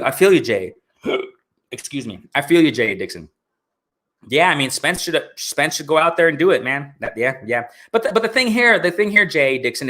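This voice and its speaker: A man's voice: fairly high pitch, pushed and bright. A man hosting a live boxing stream in a casual way, answering chat and often asking "you know what I'm saying".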